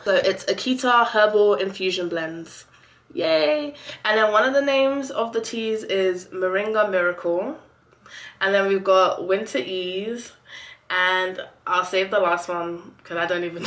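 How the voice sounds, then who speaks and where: A young woman chatting casually in a vlog, playful and quick to laugh. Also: medium pitch, fairly bright tone, echoey room. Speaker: vlogger.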